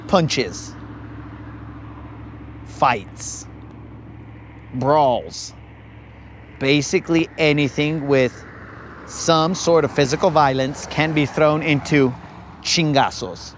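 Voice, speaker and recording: A man's voice: fairly high pitch, drawn-out words, pauses often, a little hiss or hum. A young man hosting a live fishing stream outdoors on a lake, rambling and telling jokey stories. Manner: rambling, joking storyteller. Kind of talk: casual live-stream chat.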